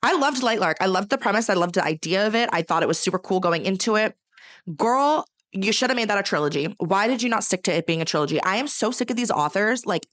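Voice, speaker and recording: A woman's voice: mid-range voice, dry recording, studio quality. A young woman from California chatting casually about books she read, rambling with lots of filler words and dramatic gushing and ranting. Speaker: book reviewer. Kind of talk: casual chat.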